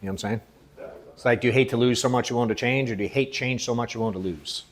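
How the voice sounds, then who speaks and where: A blunt, profane man in his thirties leads a live sales coaching session. He hammers his points hard, then drops to a low, muttered register. His voice sits at an ordinary middle pitch. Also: racing. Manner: blunt, profane, swings from emphatic to low and quiet.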